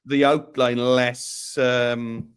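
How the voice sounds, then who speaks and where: A man's voice: mid-range voice, flat delivery, extremely slow, clear, resonant tone. A man co-presenting a live tutorial, chatting casually and teasing his co-host. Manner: playful, teasing banter.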